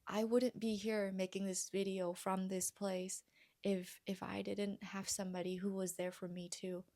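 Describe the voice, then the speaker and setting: Woman, heartfelt vlog talk, gentle and earnest, soft near-whisper, gravelly fry. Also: mid-range voice, flat delivery, moderate pace. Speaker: vlogger and healing coach. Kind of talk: heartfelt personal talk to camera.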